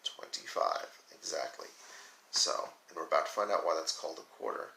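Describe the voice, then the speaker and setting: A male teacher giving a recorded lesson for young children, patiently counting aloud slowly with his pupils. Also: a bass voice, creaky, bright, forceful tone, roomy sound, a little hiss or hum, low-quality recording.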